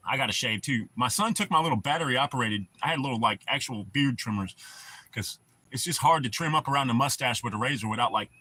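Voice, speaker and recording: A man's voice: medium pitch, fast talker, bright, forceful tone. A man hosting a casual livestream, rambling in a laid-back way and swearing often. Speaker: livestream host.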